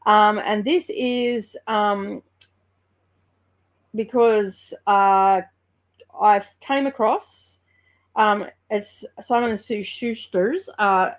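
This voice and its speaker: A young woman hosting a book club livestream, chatting casually, giggling often and greeting viewers by name. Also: mid-range voice.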